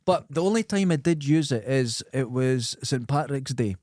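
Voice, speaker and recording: A man's voice: medium pitch, expressive, normal speed, darkish tone, no echo, studio quality. A Scottish man hosting a podcast, telling stories in casual comedic chat, often mimicking other people and laughing. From Scotland. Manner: storytelling, often mimics others in raised voices, laughs a lot. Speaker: podcast host.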